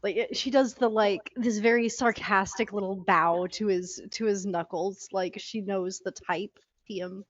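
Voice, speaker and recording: A woman's voice: mid-range voice, steady tone, unhurried, hardly any pauses. Chatty woman describing her character. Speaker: player. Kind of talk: playing a tabletop game. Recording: dry, dull lo-fi sound.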